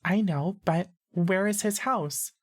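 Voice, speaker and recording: A woman doing a high raspy little girl. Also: slow. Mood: eager. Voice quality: raspy, shaky, high-pitched. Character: little imaginary girl, timid, raspy, shaky.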